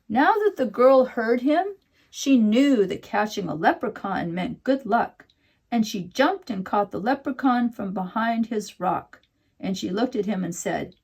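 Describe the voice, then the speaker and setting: Gentle, slow-talking woman teacher. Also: a little high, lively intonation, slightly rough. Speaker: art teacher. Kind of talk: children's painting lesson and storytelling.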